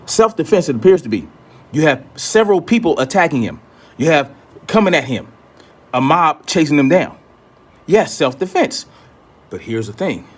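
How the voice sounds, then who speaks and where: A man's voice: fairly high pitch, very animated, moderate pace, pauses often, breathy edge. A man giving a blunt, profane, confrontational commentary, often repeating himself for emphasis. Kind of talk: ranting commentary.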